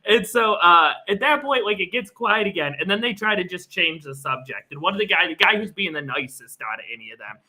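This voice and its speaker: A man's voice: high-pitched, lively intonation, brisk, hardly any pauses, bright, forceful tone, poor audio. A man who does stand-up, co-hosting a podcast and casually recounting a story with fillers. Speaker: podcast co-host and stand-up comedian.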